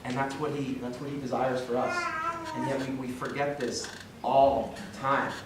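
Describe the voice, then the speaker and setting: A man's voice: medium pitch, little pitch movement, moderate pace. A young man giving an earnest, emotional faith talk to a church group, rambling with restarts and chuckles. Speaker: guest speaker at a parish talk. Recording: very echoey hall from far off, noisy.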